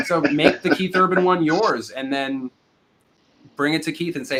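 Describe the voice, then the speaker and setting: Male store host, higher-pitched voice, casual product-demo banter, self-mocking sales humor. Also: normal speed, sharp tone, a little hiss or hum.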